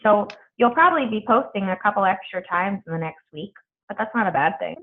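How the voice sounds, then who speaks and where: A woman's voice: mid-range voice, animated, fairly quick. A woman coaching her team on a video call, chatty and blunt, swearing freely. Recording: tinny phone-like video call audio.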